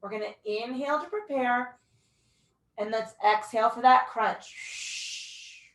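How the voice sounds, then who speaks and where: A woman's voice: fairly high pitch, slow pace, fairly bright tone, recorded from a distance. Woman pilates instructor in an echoey room. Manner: encouraging cues with breath counts, occasional whoops and yawns. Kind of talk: guided workout instruction.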